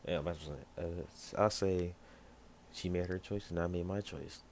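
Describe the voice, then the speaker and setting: A man with a very low voice tells a homemade fan story off the cuff, stumbling and restarting as he goes. A faint hiss sits behind him throughout. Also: steady tone, moderate pace, darkish tone. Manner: rambling, full of fillers and restarts. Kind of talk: improvised fan story narration.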